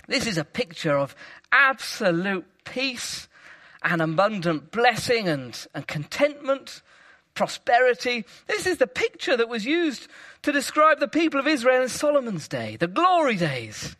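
A man preaching a sermon with dramatic emphasis, rising to loud peaks and dropping to hushed low phrases. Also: big pitch swings, moderate pace.

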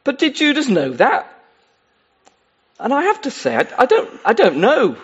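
Husky lively-voiced male preacher. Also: very high-pitched, moderate pace, muffled recording. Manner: earnest, pleading, with many asides. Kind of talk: sermon.

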